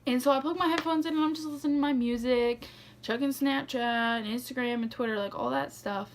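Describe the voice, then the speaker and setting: A woman's voice: sits high, a little fast, a little hiss or hum. A young woman telling a story to her vlog viewers in a chatty, casual way, full of "like" and "okay". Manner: chatty, says "like" and "okay" a lot. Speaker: vlogger.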